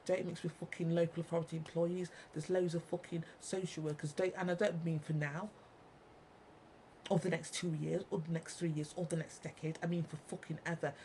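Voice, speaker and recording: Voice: medium pitch, level tone, a little fast, warm tone, a little hiss or hum, low-quality recording. Angry profane rant, repetitive, addressed to viewers. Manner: ranting, heavily profane, repetitive. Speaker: vlogger.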